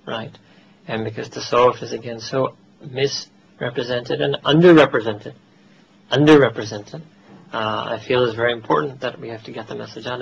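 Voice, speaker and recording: A man's voice: mid-range voice, creaky, highs cut off, a little hiss or hum. A man with an American accent giving a religious lecture to a gathering, conversational, slipping into Urdu phrases and laughing at his own asides. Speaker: Islamic teacher.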